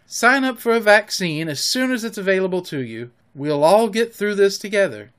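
A man hosting a podcast, reading a children's story aloud with expressive narration. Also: sits high, normal speed, clear, resonant tone.

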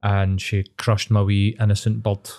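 A man's voice: lowish voice, little pitch movement, moderate pace, warm tone. Matey Glaswegian man on a podcast. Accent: Glaswegian Scottish. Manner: supportive and matey, full of fillers like "do you know what I mean". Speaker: podcast co-host. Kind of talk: casual podcast chat.

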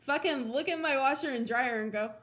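Bright, high-voiced woman telling a rambling story. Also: fairly quick. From Colorado. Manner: animated, laughing often, swearing, acts out her own thoughts. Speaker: podcast host. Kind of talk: casual storytelling.

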